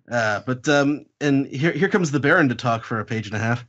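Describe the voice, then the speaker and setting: A man's voice: mid-range voice, fairly bright tone. A man hosting a podcast, chatting casually and animatedly as he recaps a comic, often chuckling as he reads lines out. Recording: slightly muffled, dull audio.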